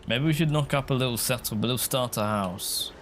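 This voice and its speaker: A man's voice: medium pitch, quick pace, a little hiss or hum. A man chatting casually while he streams a game, rambling and answering viewers' comments. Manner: chatty, rambling, reads chat aloud.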